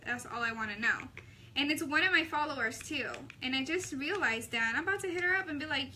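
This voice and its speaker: A young woman vlogging a makeup tutorial, chatting casually with a sassy, animated way of telling stories. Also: sits high, brisk, slight background noise.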